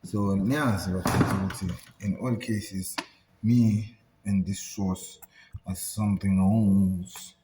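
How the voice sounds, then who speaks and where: A man's voice: low voice, fairly even intonation, takes it slowly, heavy background noise. A man hosting a casual cooking vlog, talking playfully and chanting repeated words as he cooks. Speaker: cooking vlogger.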